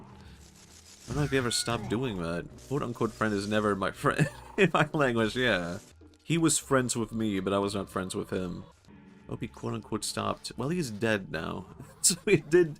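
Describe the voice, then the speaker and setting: A man's voice: fairly low pitch, fairly bright tone, slight background noise. A man with a Swedish accent, chatting casually and jokingly while streaming a game, often laughing. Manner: rambling, jokey, laughs often. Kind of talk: casual gameplay commentary.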